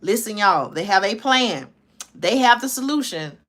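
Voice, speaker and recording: A woman's voice: mid-range voice, expressive, normal speed, a bit bright. A woman hosting her own live stream, reading a news report aloud and breaking in urgently, repeating herself and asking her viewers to listen. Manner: urgent, repeats herself, says "okay?" and "listen, y'all" often. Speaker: channel host.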